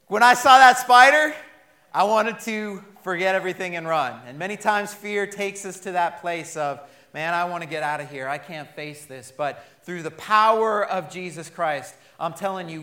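A man in his thirties preaches a sermon with a high voice. His tone is bright, and he tells his stories with humor and lively energy. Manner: animated storytelling with humor. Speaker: pastor.

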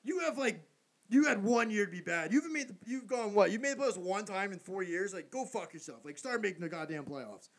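Fast, ranting profane young man. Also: high voice, lively intonation. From Philadelphia. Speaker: podcast co-host. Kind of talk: casual chat.

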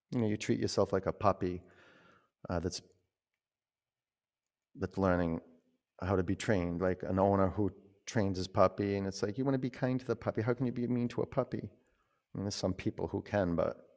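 Male yoga teacher, low gravelly voice, gentle chatty cueing. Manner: gentle, conversational cueing with frequent fillers. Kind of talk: guiding a yoga class.

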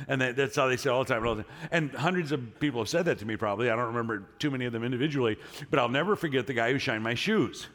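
A man's voice: mid-range voice, fast talker. A middle-aged male pastor preaching a sermon in a church, telling a story in a casual way before rousing the congregation with energy. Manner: casual storytelling, then energetic crowd prompting. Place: church sanctuary. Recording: long hall reverb from a church.

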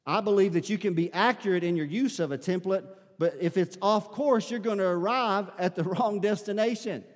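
Man, earnest sermon, high voice, long reverb of a church hall. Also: normal speed. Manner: earnest preaching, repeats words when pressing a point. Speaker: pastor. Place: church sanctuary.

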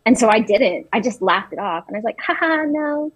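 A woman's voice: medium pitch, fast, breathy edge, low-quality recording. A young woman in her twenties, telling personal stories in casual talk, hesitant with many restarts and fillers. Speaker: interviewee.

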